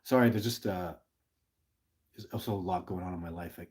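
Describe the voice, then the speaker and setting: A man's voice: sits low, a little fast, darkish tone, husky. A middle-aged man hosting a casual livestream, rambling passionately with many restarts while reading viewer questions, short on sleep. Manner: rambling, earnest, with many restarts and stammered repeats; passionate and emotional. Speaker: livestream host.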